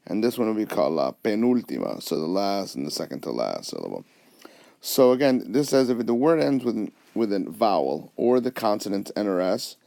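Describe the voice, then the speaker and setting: A man with a low, gravelly voice walks students through a lesson step by step, patient and plain-spoken. The recording is close and dry, with no room sound around him. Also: mellow, no room sound. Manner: patient, explains step by step, mixes English and Spanish. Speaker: Spanish teacher. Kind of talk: whiteboard lesson narration.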